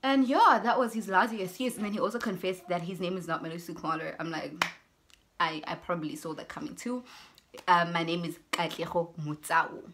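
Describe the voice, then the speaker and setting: A young South African woman telling a personal story on her vlog, animated, acting out both sides of conversations and mixing in Zulu words. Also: on the low side, brisk. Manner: mixes in Zulu words and phrases. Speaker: YouTuber.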